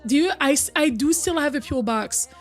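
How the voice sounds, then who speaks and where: A young woman on the mend from a cold streams a game, her high-pitched voice brisk over faint background music. She chats casually with viewers, reads and replies to chat, and breaks into a hum or a bit of song.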